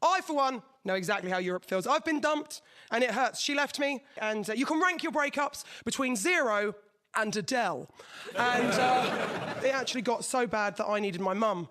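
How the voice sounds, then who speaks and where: A woman's voice: a little high, animated, normal speed, a bit bright. A woman in her thirties from England doing a chatty, self-deprecating stand-up routine on radio. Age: 30s. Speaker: stand-up comedian.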